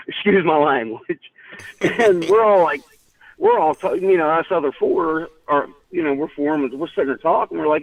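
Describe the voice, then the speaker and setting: A man's voice: on the high side, expressive, normal speed, no room sound, distant mic. A man calling in to tell a story in casual chat, rambling with restarts and laughing often. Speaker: caller. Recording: tinny phone line.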